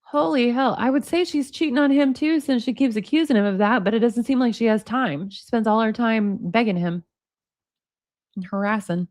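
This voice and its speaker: A woman in her forties hosts a casual reaction commentary, reading text messages aloud and cutting in with blunt, laughing remarks. Her voice sits a little high and she swears freely. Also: normal speed, darkish tone. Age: 40s.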